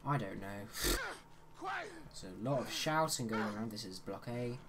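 A man's voice: mid-range voice, wildly swooping pitch, measured pace, crowd noise. A man giving casual, chatty commentary on a horror game while he plays, with joking asides. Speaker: let's play host.

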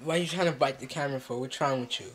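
A woman's voice: very deep voice, racing. A woman vlogging at home, scolding and swearing in mock threats. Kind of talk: casual home video vlog.

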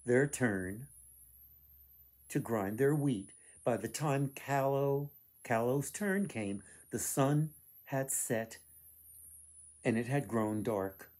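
A man reading a folktale aloud to children, expressive with dramatic pauses. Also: medium pitch. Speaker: author reading his book. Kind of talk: storybook read-aloud.

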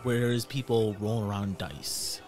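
A man's voice: on the low side, normal speed, darkish tone, faint music behind. A man narrating as game master of a tabletop role-playing game, in a loose, joking way with filler words.

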